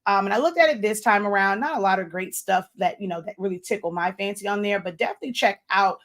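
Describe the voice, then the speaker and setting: A woman's voice: mid-range voice, fast talker, fairly bright tone. Chatty woman hosting a livestream. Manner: chatty, rambling, reads viewer comments aloud; chewing gum while talking. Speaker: livestream host for crafters. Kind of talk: casual live-stream chat.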